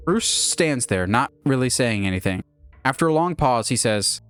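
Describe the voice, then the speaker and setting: Animated male narrator, mid-pitched, eager storyteller. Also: normal speed, faint music behind. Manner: animated, lively. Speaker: narrator pitching a movie idea.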